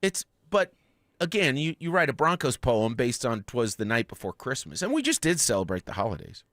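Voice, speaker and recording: A man hosting a sports radio show in a studio, chatting excitedly and reading out listener texts. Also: medium pitch, brisk, dry recording. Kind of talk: casual sports radio chat. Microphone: studio microphone.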